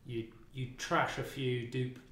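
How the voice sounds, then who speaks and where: A man's voice: medium pitch, little pitch movement, takes it slowly, a bit bright, slight background noise. A man co-hosting a game stream, talking casually and hesitantly with many fillers. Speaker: game developer co-host. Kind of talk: casual chat. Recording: roomy studio sound.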